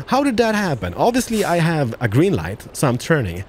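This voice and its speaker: A man's voice: a little high, huge pitch swings, moderate pace, gravelly, a little hiss or hum. A man giving casual, joking, exclamatory commentary while playing a truck driving game. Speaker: let's-play gamer.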